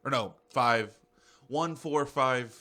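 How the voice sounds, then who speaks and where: Young male podcast co-host, casual, excitable rambler, mid-pitched, swears a lot. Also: slow.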